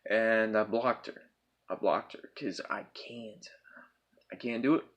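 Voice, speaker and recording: A man's voice: lowish voice, fairly even intonation, measured pace. A young man casually telling a personal story, rambling and swearing a lot, often checking in with his listeners. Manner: profane, rambling, checks in with 'right?' and 'bro'.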